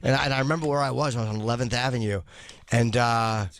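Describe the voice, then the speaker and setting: A man's voice: medium pitch, fairly even intonation, fast talker. An American man co-hosting a radio talk show, blunt, profane and self-deprecating. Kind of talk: candid studio talk. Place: radio studio. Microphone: studio mic.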